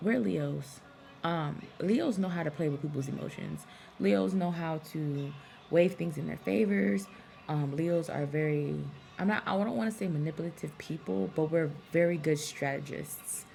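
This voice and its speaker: A woman's voice: low-pitched, moderate pace, creaky, mellow, soft background music. A woman talking through a wrestling event in a casual, frank review vlog, full of ums and likes and swearing freely.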